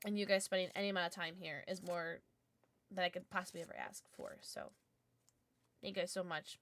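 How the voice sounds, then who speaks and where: A woman's voice: on the low side, steady tone, a little fast, a bit bright. A young adult woman streaming live and chatting with her viewers, bubbly and giggly, with lots of "like". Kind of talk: casual livestream chat, reading chat.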